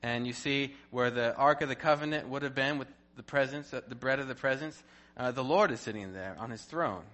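A man giving a devotional Bible teaching, animated and playful, full of rhetorical questions and jokes. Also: medium pitch.

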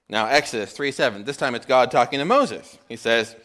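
A man's voice: medium pitch, brisk, few pauses, pushed and bright. Sex: man. Role: guest preacher. Style: sermon with a told joke. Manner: casual, conversational.

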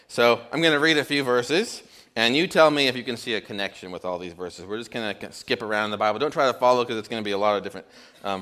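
A man's voice: medium pitch, a bit bright. Sex: man. Role: guest preacher. Style: sermon with a told joke. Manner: casual, conversational.

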